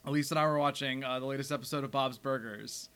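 A young man co-hosting a podcast in casual banter, rambling wryly, laughing often and trailing off into lower mutters. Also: steady tone, fast talker, fairly bright tone, clean tone. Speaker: podcast co-host.

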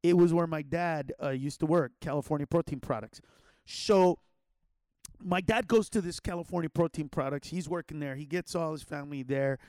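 A man's voice: a little high, moderate pace, darkish tone, smooth, no room sound, clean studio sound. A man telling a childhood story in a loose, rambling way, with slang and many restarts. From Los Angeles area. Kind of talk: casual personal storytelling.

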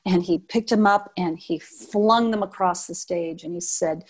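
An older woman from Nevada, a former showgirl dancer, reminiscing in an interview. She is a lively storyteller who acts out quotes and often restarts her sentences. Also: on the low side, measured pace, few pauses, husky.

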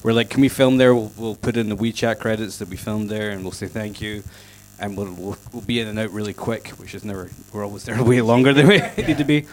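A man hosting a casual panel chat, relaxed and laughing now and then. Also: on the low side, fairly quick, slight background noise. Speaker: host of the panel.

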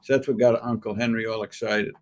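An older man, an interviewed scientist, telling an anecdote in a relaxed, wry way and acting out the quoted voices. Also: lowish voice, brisk. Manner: wry storyteller who acts out quoted voices.

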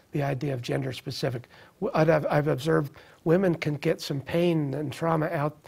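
Gravelly, husky man giving earnest testimony. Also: on the high side, a little mellow. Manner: earnest, reflective, with restarts. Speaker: guest sharing recovery story. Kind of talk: personal testimony in interview.

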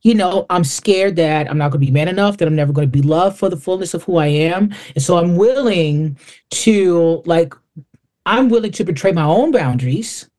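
A man's voice: fairly high pitch, moderate pace, a little mellow. Candid man guest telling stories. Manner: candid, storytelling, salty language. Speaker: podcast guest. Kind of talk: casual interview chat.

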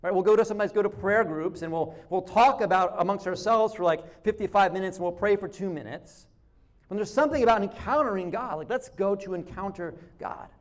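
Man, high voice, conversational sermon, frequent restarts, acts out quotes. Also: a little fast. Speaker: pastor.

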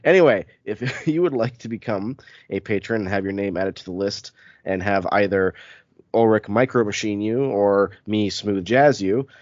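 A man's voice: fairly low pitch, darkish tone, no room sound, lo-fi sound. A man hosting a casual podcast chat, sounding congested from a cold, talkative and self-deprecating. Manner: chatty, self-deprecating, quick asides. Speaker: podcast host.

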